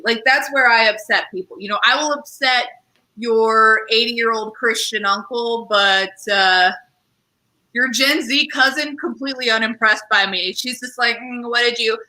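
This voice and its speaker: This stand-up set comes from a young woman, a comedian who also hosts a show, whose voice is fairly high with a sharp edge. Her rambling, self-mocking bits are thick with fillers and impersonated voices, and the recording quality is low.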